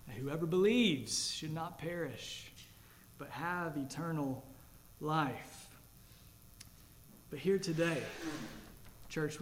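A man pastor preaching a sermon, earnest, rising to emphatic declarations and dropping low and slow. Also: slight background noise.

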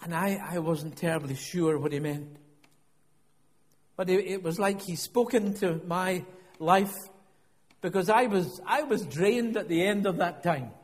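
High-voiced male preacher telling a story. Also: unhurried, in a large hall. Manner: reflective, repeats and restarts words. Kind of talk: sermon, personal storytelling.

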